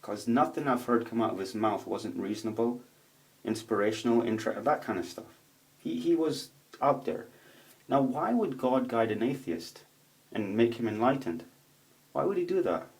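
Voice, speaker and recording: A man in a casual, rambling video monologue, swearing a lot as he tells stories in an animated way. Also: mid-range voice, moderate pace. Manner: profane, rambling, animated storytelling. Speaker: vlogger. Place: home room with a roommate nearby.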